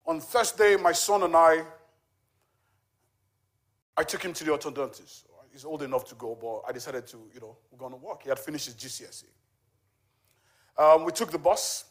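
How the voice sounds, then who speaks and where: A man in his forties stands before a church congregation and shares a personal testimony. He talks in a loose, conversational way, often pausing on little fillers as he tells the story, and his voice sits a little higher than most men's. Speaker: charity volunteer giving a testimony.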